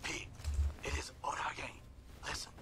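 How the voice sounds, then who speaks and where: An actor playing a terse male video game ally who gives hushed, clipped instructions over comms. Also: moderate pace, whispered, close to an everyday voice.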